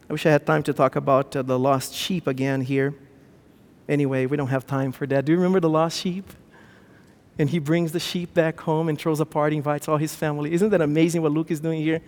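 A man preaching a sermon, animated, swinging between loud bursts and hushed lines. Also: on the high side, brisk. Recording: long hall reverb.

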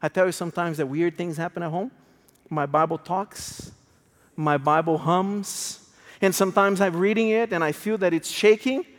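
A man preaching a sermon as a story, swinging between hushed, slow lines and raised, emotional ones. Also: high-pitched, fairly even intonation. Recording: long hall reverb.

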